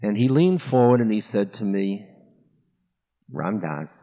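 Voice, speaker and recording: A man, a spiritual teacher, candidly telling a personal story in an unhurried way, often breaking into laughter. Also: fairly low pitch, lively intonation. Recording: tinny lo-fi audio with long hall reverb.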